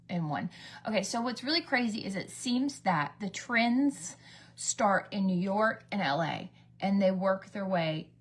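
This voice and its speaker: An American beauty vlogger in her thirties, with a mid-range, slightly rough voice, rambles through a gossipy get-ready-with-me chat, doing the voices of people in her stories.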